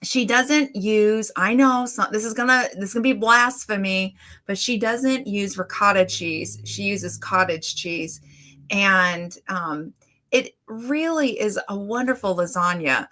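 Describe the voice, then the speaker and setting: A woman's voice: mid-range voice, a little slow, pushed and bright. A middle-aged woman, hosting a casual livestream and greeting viewers by name in a chatty way. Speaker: livestream host. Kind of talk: casual live chat.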